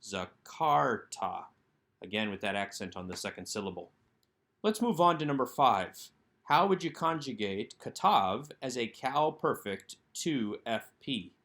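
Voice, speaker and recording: A man narrating a recorded language lesson over slides, sounding out words slowly and carefully. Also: mid-range voice, sing-song, a bit bright. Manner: slow, careful enunciation of Hebrew words. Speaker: Hebrew teacher.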